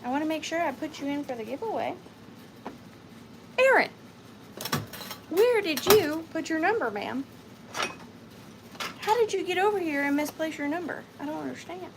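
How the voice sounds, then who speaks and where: A woman in her thirties with a Southern US accent, hosting a live vintage sale in a chatty, upbeat way with high squeals. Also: expressive, a little fast, noisy background. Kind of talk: casual live-stream selling chat.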